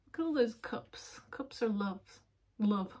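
A woman's voice: medium pitch, animated, a little slow, darkish tone, breathy edge. A woman giving a casual tarot reading to camera, talking straight to the viewer and asking and answering her own questions. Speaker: tarot reader.

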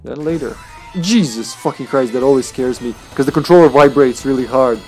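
A man's voice: medium pitch, brisk, a little mellow, faint music behind. A man chatting playfully and laughing as he plays a game on a live stream.

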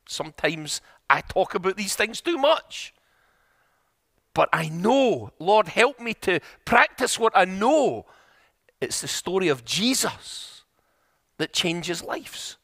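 A man's voice: high-pitched, very animated, takes it slowly, a bit bright, dry recording, clean studio sound. A middle-aged man preaching a sermon in a church, telling stories earnestly and building to emphatic, repeated points.

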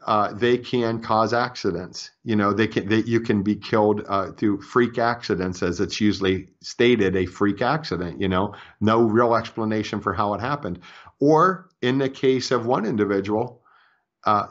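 A fairly low-pitched man speaks as a guest author, earnest and convinced, often stumbling and restarting mid-sentence. The audio sounds dull and lo-fi. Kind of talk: earnest storytelling interview.

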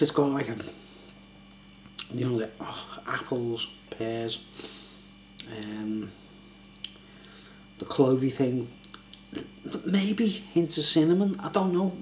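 A man's voice: medium pitch, a little hiss or hum. Rambling tipsy older man. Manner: rambling, chatty, laughs often. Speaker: beer reviewer. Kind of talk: casual late-night beer review vlog.

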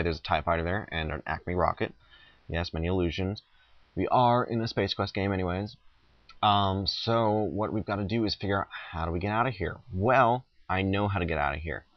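A man's voice: sits low, dry recording, muffled recording. A young man casually commenting as he plays a computer game, rambling and joking as he goes. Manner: rambling, self-interrupting, joking. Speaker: let's play host.

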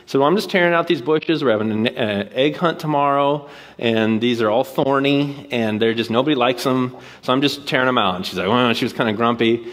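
A man's voice: mid-range voice, brisk. A man preaching a sermon on a church stage, telling a personal story in a casual, conversational way before moving to his main point. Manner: casual, storytelling, animated quoted voices. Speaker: guest preacher.

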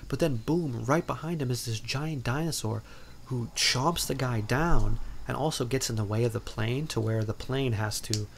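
On a podcast, a man gives a casual, rambling movie recap, littered with "like" and "um" and playful asides that interrupt himself. His voice is medium-pitched and creaky at a moderate pace, with a little hiss or hum audible.

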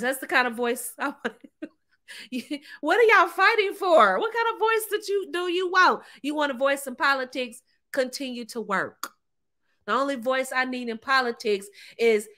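An American relationship advice vlogger talks casually to the camera in a sassy, emphatic way. Her voice is a little high and very bright, and she laughs often, calling her audience "ladies" and "honey."

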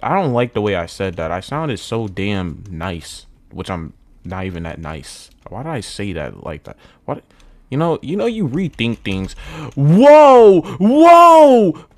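A young man commenting casually on a video game at home, muttering low, then yelling when excited, repeating himself with lots of bro and man. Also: moderate pace. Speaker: gaming YouTuber. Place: at home indoors.

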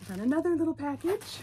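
High-voiced gushing woman vlogger. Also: warm tone, a little hiss or hum. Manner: gushing, sentimental, easily moved. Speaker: doll collector vlogger. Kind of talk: casual box-opening vlog.

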